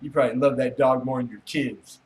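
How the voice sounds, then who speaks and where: A man hosting a casual late-night livestream chats with viewers in a crude, rambling, joking way, laughing often and swearing casually. His mid-range voice is brisk and darkish with fairly even intonation, picked up by a slightly distant mic.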